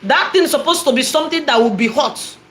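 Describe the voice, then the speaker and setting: Nigerian woman, prophetess, animated repetitive storytelling, higher voice, faint background noise. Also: fast talker. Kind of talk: testimony storytelling.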